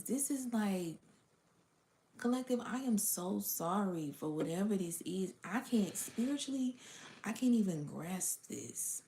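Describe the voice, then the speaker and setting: A woman's voice: medium pitch, lively intonation, measured pace, warm tone. A woman giving a casual spiritual reading to her audience, blunt and profane, sometimes dropping to a whisper. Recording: roomy echo.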